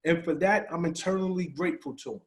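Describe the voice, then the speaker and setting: A middle-aged man guesting on a podcast spins a long personal story in relaxed talk. He gets animated and plays out the lines of the people in it, with a voice pitched a little above the usual for a man. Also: fast talker. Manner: animated, acts out quoted dialogue. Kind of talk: storytelling in a casual interview.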